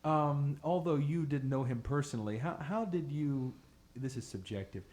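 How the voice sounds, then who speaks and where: A man interviewing a veteran radio DJ for an oral history, asking measured questions. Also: a little high, a little mellow.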